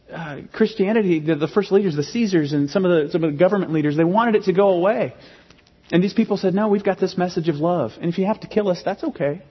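A man in his thirties preaching a sermon as pastor, emphatic and animated, often restarting his phrases. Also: on the high side, husky. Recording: dull sound with long hall reverb.

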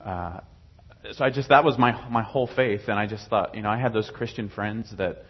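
Husky man rambling through a testimony. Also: fairly low pitch, moderate pace, muffled recording. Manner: rambling, many fillers and restarts. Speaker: guest telling his faith story. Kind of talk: casual personal testimony.

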